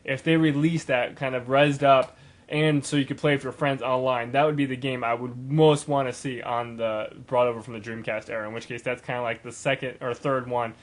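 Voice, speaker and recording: A man's voice: medium pitch, steady tone, a little fast. A young man talking in a casual, rambling video blog, full of fillers and restarts. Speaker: gaming vlogger.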